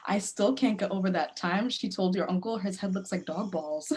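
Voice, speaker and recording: A woman's voice: medium pitch, moderate pace, natural voice. A woman playing a defiant young woman grieving her mother, blunt and guarded, read over a video call. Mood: softening. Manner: guarded, blunt, sharp-tongued. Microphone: video call mic.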